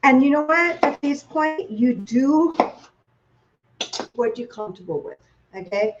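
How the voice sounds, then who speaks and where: A woman's voice: high-pitched, expressive, unhurried, muffled recording, noisy background. A woman from Thailand with a Thai accent, hosting a live online cooking class, chatty and playful, asking viewers questions as she works.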